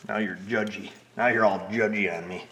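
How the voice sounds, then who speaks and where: A man's voice: on the low side, fairly even intonation, brisk, a bit bright. A man working as an auto mechanic, chatting casually and joking to himself as he works in his repair shop. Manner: joking, rambling, talks to himself and the parts. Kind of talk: casual workshop vlog, talking while working. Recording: noisy garage with tool clicks.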